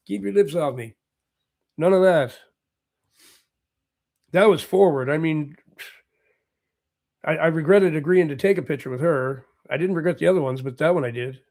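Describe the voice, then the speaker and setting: A man's voice: a little high, a little mellow. A man from Canada hosting a livestream, chatting casually with viewers' comments, rambling, repeating himself and chuckling often. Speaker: livestream host. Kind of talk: casual chat answering live comments.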